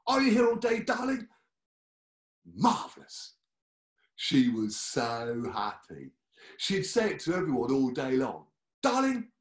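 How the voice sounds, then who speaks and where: A man puts on a brash British male nurse who is chatty and cheeky. His voice swings loud and lively as he mimics others, and the room echoes. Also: mid-range voice.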